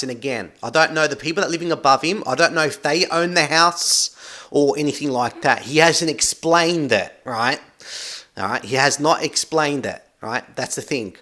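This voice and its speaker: Bright-voiced man ranting, tagging "right?". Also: mid-range voice. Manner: repetitive, ends nearly every phrase with "right?"; accusatory, emphatic. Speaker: commentary channel host. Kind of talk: ranting commentary over a video.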